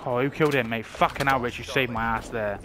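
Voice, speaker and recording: A man's voice: mid-range voice, fairly even intonation, fast. A man swearing and ranting about the game while playing, over noisy live comms. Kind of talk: profane live gameplay chat. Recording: noisy gameplay capture. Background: game sounds and gunfire.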